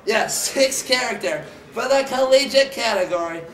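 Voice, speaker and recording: A man hosting a comic mascot award announcement, hammy and excitable, shouting and whooping between jokey asides. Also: very high-pitched, moderate pace, reverberant, distant mic, a little hiss or hum. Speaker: mascot show host.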